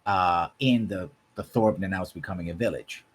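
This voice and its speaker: A man's voice: sits low, normal speed, a little hiss or hum. A man running a tabletop game as game master, describing scenes at length and often checking in with the players. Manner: descriptive, keeps checking in with "right?".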